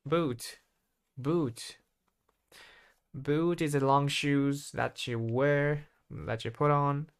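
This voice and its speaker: A man practicing vocabulary on his own, thinking aloud in a hesitant, halting way and correcting himself as he goes. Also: fairly high pitch, fairly even intonation, clear, resonant tone. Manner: hesitant, halting, constantly restarting and self-correcting. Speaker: English learner.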